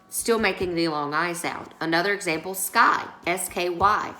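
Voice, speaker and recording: A woman's voice: on the low side, normal speed, hardly any pauses, bright, forceful tone. Patient woman teacher in an echoey room. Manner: patient, instructive, frequent check-ins. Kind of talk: recorded remote class lesson.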